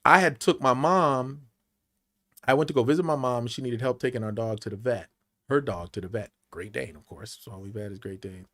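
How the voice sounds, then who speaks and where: A man's voice: mid-range voice, fairly quick. A man in his forties, an actor, telling a personal story in a podcast interview, acting out the voices of the people in it. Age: 40s. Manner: animated storyteller, acts out voices. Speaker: actor guest. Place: podcast studio.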